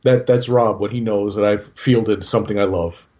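Guy rambling about his army list, warm mellow voice, bit muffled. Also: lowish voice, steady tone, moderate pace. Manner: rambling, lots of restarts and fillers. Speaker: podcast co-host talking through his game army. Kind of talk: casual chat.

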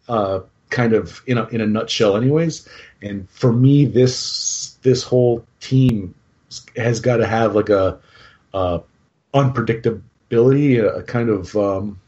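A man talks casually with a warm, mellow tone, circling back and restarting his sentences as he explains his picks. The recording is dull and slightly muffled. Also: medium pitch. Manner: rambling, lots of restarts and fillers. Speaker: podcast co-host talking through his game army. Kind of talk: casual chat.

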